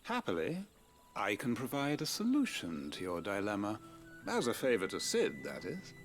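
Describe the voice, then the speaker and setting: An actor playing a formal middle-aged go-between in a fantasy game, speaking in a measured, deliberate way. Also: male voice, on the low side, wildly swooping pitch. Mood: calm. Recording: game audio with music behind.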